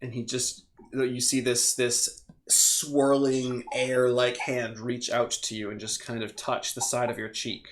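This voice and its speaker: Give me a man narrating a tabletop game as game master, relaxed and descriptive. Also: medium pitch, measured pace.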